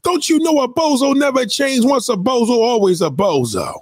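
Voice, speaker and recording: A man delivering a profane, angry rant, repeating himself and sometimes shouting. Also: very high-pitched, animated, normal speed, a little hiss or hum. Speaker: online commentator. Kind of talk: profane ranting monologue.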